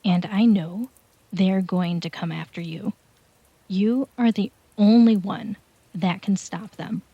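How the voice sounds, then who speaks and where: A woman's voice: on the low side, fairly even intonation, normal speed, slightly rough, no room sound. A woman voicing a frantic, wounded mother who pleads urgently with her son in a dream, in a told horror story. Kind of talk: storytelling narration. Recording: dull lo-fi home recording.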